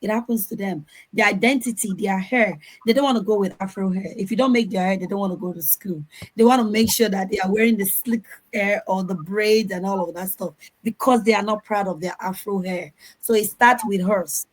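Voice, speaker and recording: A woman answering audience questions on a video call panel, lively and acting out the voices she quotes. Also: medium pitch, brisk, rough recording. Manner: animated, acts out quoted voices.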